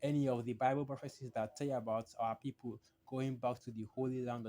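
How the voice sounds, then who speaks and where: Male preacher, mid-pitched, solo video talk; emphatic, repetitive, reads passages aloud forcefully. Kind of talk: solo religious video teaching.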